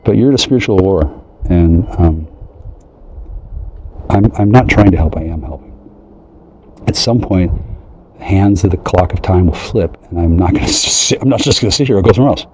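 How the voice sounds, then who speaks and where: A man talking straight to his listeners in a profane, agitated, rambling rant that jumps from one idea to the next and mocks other people in high voices. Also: normal speed, pauses often, background noise. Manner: profane, agitated, conspiratorial, jumps between ideas; mocking quoted voices in a high pitch.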